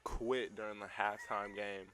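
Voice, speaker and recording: A young man co-hosting a podcast in casual chat, talking in laid-back slang with loud teasing bursts. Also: lowish voice, little pitch movement, unhurried, slight background noise. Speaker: podcast co-host.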